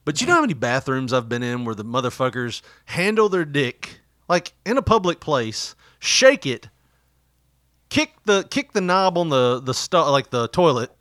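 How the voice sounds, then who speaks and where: A man's voice: medium pitch, sing-song, moderate pace, a bit bright, no room sound, studio quality. A man telling crude stories and jokes in casual banter, laughing often.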